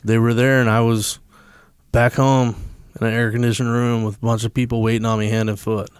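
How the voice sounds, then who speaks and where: A man's voice: medium pitch, level tone, fairly quick, clear, resonant tone, no echo. Man, podcast guest, casual storytelling, blunt, profane, emphatic, dry close mic.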